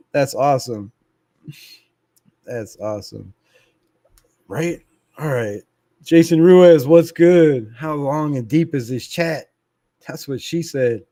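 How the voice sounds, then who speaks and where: With a mid-range, darkish voice and no echo, a middle-aged man runs a casual sports fan channel livestream. He keeps things laid-back, reading comments from viewers aloud, laughing frequently and cursing freely.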